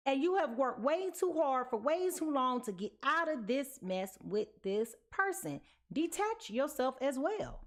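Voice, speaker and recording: A woman's voice: high-pitched, sing-song, a little slow, hardly any pauses. A sleepy woman giving a casual tarot card reading, chatty and sassy, tossing in slang and pet names. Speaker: tarot reader.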